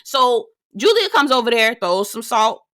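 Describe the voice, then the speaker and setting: A woman breaks down a reality TV episode in a blunt, sassy, freely swearing way. Her voice is bright and sits a bit high, recorded dry and close with no room sound. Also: sing-song, measured pace, no echo. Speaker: reality TV reviewer. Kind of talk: casual recap commentary.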